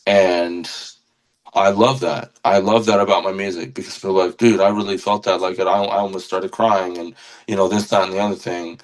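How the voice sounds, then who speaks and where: A man's voice: low-pitched, fairly even intonation, moderate pace, rough recording. A man who is a guest musician on a podcast, talking with earnest passion and often repeating words as he searches for them. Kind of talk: casual podcast conversation.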